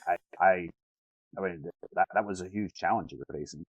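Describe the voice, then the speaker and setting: A man serving as a life coach talks casually over a video call, earnest and often repeating words while he hunts for the right phrasing. His voice is low, brisk, and husky, with no echo and lo-fi sound quality.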